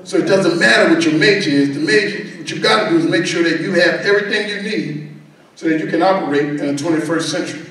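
A man's voice: a little high, fast, fairly bright tone. A middle-aged man giving a motivational keynote speech at a gala, talking with a folksy, emphatic, preacher-like cadence. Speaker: keynote speaker. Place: large event hall at a gala. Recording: echoey hall recorded from far off.

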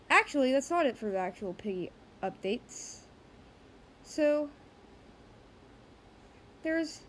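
A woman hosting a casual gaming news roundup, chatty and rambling, often correcting herself mid-sentence. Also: sits high.

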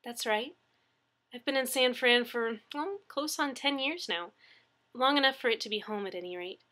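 A woman's voice: on the high side, normal speed, bright, forceful tone, pitched above the performer's own voice. A woman voicing a friendly female emergency dispatcher who talks in a chatty, reassuring way in an audiobook reading.

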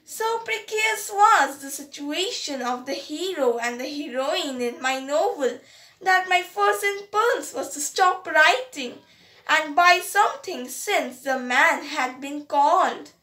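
A woman with an Indian English accent, reading a story aloud as an audiobook narrator, slow and careful, in a roomy, echoey recording. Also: high voice, expressive, sharp tone. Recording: roomy echo.

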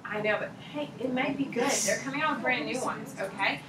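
A woman's voice: fairly high pitch, a little fast, crowd noise, rough recording. A woman in her thirties, a teacher giving a chatty classroom lecture and quizzing her students. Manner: lively, chatty, asks the class questions.

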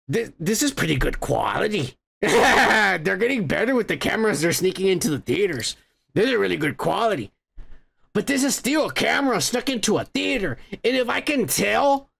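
A man's voice: high voice, gravelly, fairly bright tone. A man hosting a podcast, rambling through a profane, casual movie review with lots of restarts. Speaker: podcast host.

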